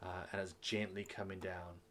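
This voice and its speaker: A man's voice: deep voice, little pitch movement, normal speed, fairly bright tone, a little hiss or hum. A man narrating a tabletop game as game master, in a rambling, descriptive way with many fillers.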